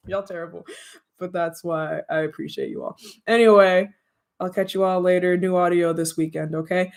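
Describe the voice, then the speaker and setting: A young adult streamer chatting casually with viewers, rambling, slangy and quick to laugh. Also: medium pitch, lively intonation. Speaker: streamer and audio creator. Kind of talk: casual livestream chat with viewers.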